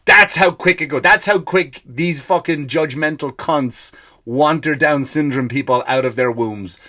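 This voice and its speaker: A man's voice: mid-range voice, unhurried, bright, forceful tone. A man hosting a comedy podcast, ranting in a profane, sarcastic monologue.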